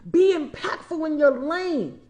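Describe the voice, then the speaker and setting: Emphatic high-voiced woman coach in her forties. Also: expressive, unhurried, darkish tone. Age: 40s. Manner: emphatic, repeats key lines, addresses listeners as y'all and honey. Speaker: empowerment coach. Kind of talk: motivational livestream talk.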